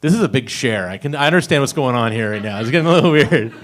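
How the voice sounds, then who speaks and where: With a mid-range voice and lively intonation, a young comedian races through a stand-up set at an open mic. He rambles along and keeps laughing at his own punchlines.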